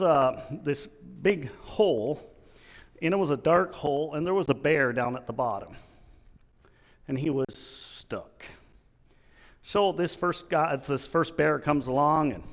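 A man preaching a sermon in an earnest, halting way, restarting his sentences often. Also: a little high, long reverb tail.

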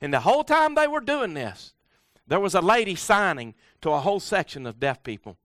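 A middle-aged man giving a folksy, animated motivational talk at a workshop, full of rhetorical questions. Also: high-pitched, fairly quick, no echo, clean studio sound. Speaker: speaker at a workshop.

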